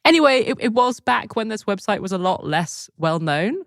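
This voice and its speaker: A woman with a mid-range voice co-hosts a news podcast, lively and expressive, laughing often. Her voice sits close and dry on a studio mic. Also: medium pitch, moderate pace, vocal fry, no echo. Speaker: podcast co-host. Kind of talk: casual news chat.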